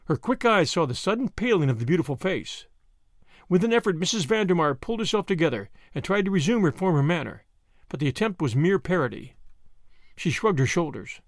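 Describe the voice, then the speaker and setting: A man reading a story aloud as the host of a podcast of readings. His voice is slightly high and moves with lively expression. The recording is close and dry, with no room sound. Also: fairly quick, no room sound. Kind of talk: audiobook narration.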